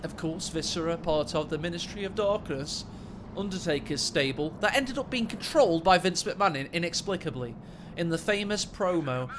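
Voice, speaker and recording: A man commentates a strategy game in a high, bright voice. He rambles through jokes and tangents and erupts into excited shouts when the action turns. A faint hum of room sound sits behind him. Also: moderate pace. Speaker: game caster.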